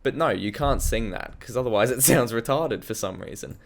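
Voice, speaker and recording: This Australian hobby producer talks fairly quickly in an expressive, mid-range voice. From his home studio, he gives a casual screen-recorded walkthrough of his own song, swearing and running himself down for laughs.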